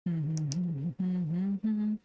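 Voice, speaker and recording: A woman streamer chatting casually while she draws, thinking aloud, humming to herself and laughing softly, into a desk microphone. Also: fairly low pitch, drawn-out words, dull audio. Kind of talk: casual live-stream chat while drawing.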